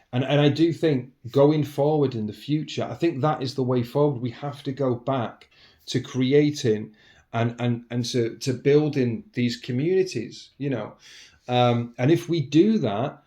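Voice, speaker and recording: A man's voice: medium pitch, mellow. A man talking in a casual, reflective monologue as a podcast host, earnest and rambling, often restarting and saying "you know".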